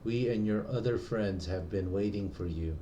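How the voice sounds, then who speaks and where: A man reading as a gentle older nun. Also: lowish voice, normal speed, roomy sound, distant mic, slight background noise, lightly acted. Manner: reads game text aloud in a plain voice.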